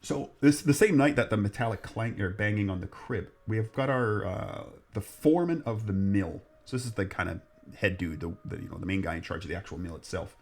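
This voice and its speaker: A man's voice: on the low side, a little fast. A man hosting a podcast, telling a ghost story in a rambling, jokey way. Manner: rambling, jokey, restarts often. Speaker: podcast host. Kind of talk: casual storytelling chat.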